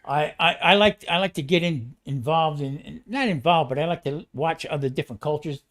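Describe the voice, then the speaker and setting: Guy, retired chef, rambling excitable storyteller, voice sits a bit high. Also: fairly quick. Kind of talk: casual chat.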